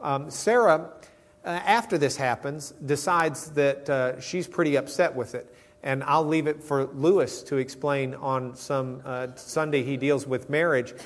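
A man's voice: fairly high pitch, moderate pace. A man teaching a casual Bible lesson with humor, acting out the characters he quotes in a conversational way. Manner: conversational with fillers.

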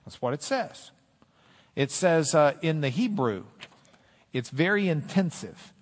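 A man preaching a sermon, animated, quoting scripture in dramatic voices. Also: fairly high pitch, measured pace. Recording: long hall reverb.

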